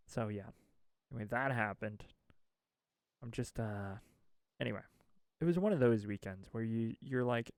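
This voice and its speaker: A man's voice: mid-range voice, unhurried, long pauses, dry recording. A man chatting casually on a game stream, rambling and swapping his swears for mild stand-ins. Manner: rambling, self-censors swears with mild substitutes.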